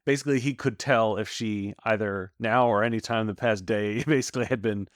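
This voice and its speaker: A man co-hosting a podcast, thoughtful and casual as he breaks down a character's growth. His voice sits on the low side. The sound is close and dry, with no room around it. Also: fairly even intonation, brisk, no echo. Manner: thoughtful, analyzes characters, adds comic asides. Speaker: podcast co-host. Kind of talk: casual chat recapping an episode.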